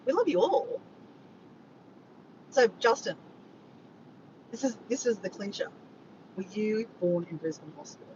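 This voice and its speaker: An Australian woman chatting casually and excitably to viewers on a live stream, recorded outdoors on a phone. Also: medium pitch, measured pace, pauses often, muffled recording, slight background noise. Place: outdoors after a walk.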